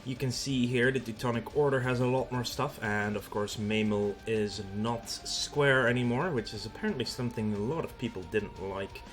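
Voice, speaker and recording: A man's voice: medium pitch, normal speed, few pauses, faint music behind. A Dutch man with a Dutch accent hosting a let's play, explaining the game in a casual way with frequent fillers. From Netherlands. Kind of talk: gameplay commentary.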